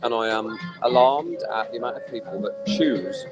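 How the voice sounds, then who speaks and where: A man's voice: mid-range voice, normal speed, rough recording. A tipsy man ranting in a casual live stream from an outdoor poolside bar. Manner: animated, exasperated ranting. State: tipsy from drinking. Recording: music playing clearly behind.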